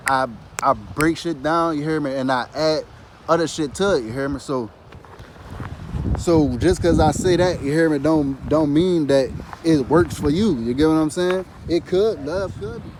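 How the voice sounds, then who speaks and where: Here a man with a voice on the high side rambles casually about spirituality in a monologue, with slight background noise. Nearly every phrase ends with "you hear me," and he swears freely.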